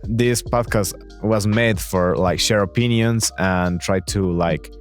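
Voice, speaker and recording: A man's voice: on the low side, takes it slowly, faint music behind. A young man from Mexico with a Mexican accent, hosting a casual podcast and rambling with "I mean" and "like".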